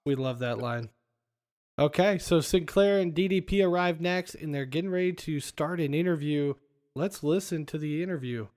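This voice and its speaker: A high-voiced man hosts a podcast and walks through a movie's scenes in a casual recap. He laughs often as he retells the plot. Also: moderate pace, darkish tone. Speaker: podcast host.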